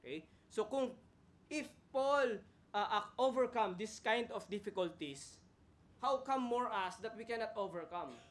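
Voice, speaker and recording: A Filipino-accented man leads a church Bible study in a fairly high voice. He talks casually to the room, tags his points with quick questions and stops to fix his words as he goes. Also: animated. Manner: conversational, frequent "okay?" tag questions and self-corrections. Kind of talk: teaching sermon, mixing Tagalog and English.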